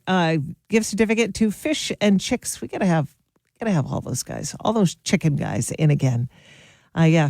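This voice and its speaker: A woman's voice: medium pitch, no room sound, studio quality. A woman hosting a morning radio show, chatty and laughing at her own jokes. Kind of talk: upbeat radio show chat. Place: radio studio. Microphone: studio mic.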